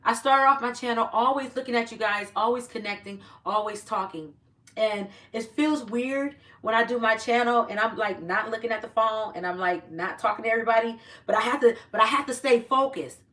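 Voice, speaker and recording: A woman's voice: on the high side, fairly quick, a bit bright, far from the mic. A woman hosting a casual livestream, chatting with viewers, greeting them by name and giving upbeat encouragement. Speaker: livestream host. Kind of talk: casual live-stream chat.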